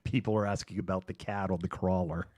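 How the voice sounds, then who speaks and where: A man's voice: low-pitched, little pitch movement, a little fast, darkish tone, no room sound, studio quality. A man hosting his own live show, chatting casually and rambling through a story with frequent laughter. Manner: rambling, laughs often, acts out voices in anecdotes. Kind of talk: casual livestream chat.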